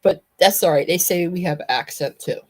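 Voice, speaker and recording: A Southern woman chats loosely on a home live stream, rambling from one small topic to the next. Her voice sits a little low for a woman, and her talk stays easygoing and unhurried. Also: darkish tone, husky. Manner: chatty, rambling, calls to her cat in a high voice. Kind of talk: casual live stream chat.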